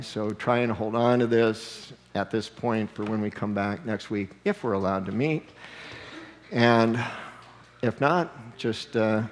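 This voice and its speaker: Guy pastor preaching, chatty and animated, booming echo from the church hall. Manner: animated, conversational preaching with laughs and quoted voices. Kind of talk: sermon. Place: church sanctuary.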